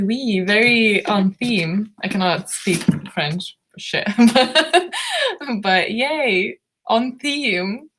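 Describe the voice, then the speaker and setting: A woman from Lithuania with a hoarse, worn-out voice, hosting a book club live stream and chatting through viewer comments in a drowsy, giggly, rambling way. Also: on the high side. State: hoarse, losing her voice.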